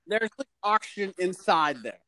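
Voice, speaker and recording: A man's voice: high-pitched, big pitch swings, normal speed, bright, forceful tone, no echo. A man co-hosting a casual movie podcast, throwing in joking asides. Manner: laid-back joking asides, chuckles. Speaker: podcast co-host. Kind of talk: casual movie review chat.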